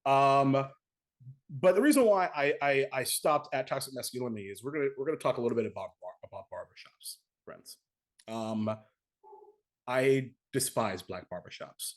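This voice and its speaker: A man's voice: mid-range voice, animated, moderate pace. A man moderating a casual panel discussion, talking animatedly with lots of fillers and restarts.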